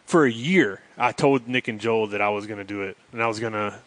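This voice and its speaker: A man's voice: on the low side, brisk, a bit bright, low-quality recording. Man with a light North Carolina drawl. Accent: light Southern North Carolina. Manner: loose, rambling, swears freely. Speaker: podcast host. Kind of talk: casual chat.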